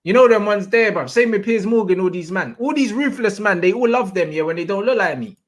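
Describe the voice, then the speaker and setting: A man's voice: high voice, fairly quick. A young man ranting bluntly in a casual chat, full of slang and mocking put-on quotes. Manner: blunt, animated, slangy rants. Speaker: host.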